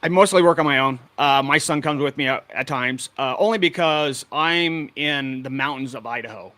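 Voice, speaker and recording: Man from washington state, bright forceful tone, dry close sound, plain-spoken, matter-of-fact, video call guest. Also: medium pitch, normal speed, no room sound. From Washington State, USA. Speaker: guest, paranormal investigator. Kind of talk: casual interview talk.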